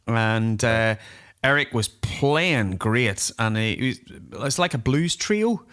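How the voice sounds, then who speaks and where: A man's voice: medium pitch, expressive, takes it slowly, a bit bright, clean tone. A man co-hosting a rock podcast, telling stories in a rambling casual chat full of ums and uhs. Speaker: podcast co-host.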